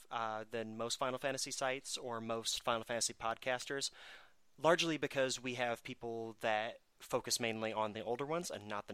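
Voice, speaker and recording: A man's voice: mid-range voice, sharp tone, smooth, no echo. A man hosting a casual podcast chat, snarky and self-mocking as he talks. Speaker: podcast host.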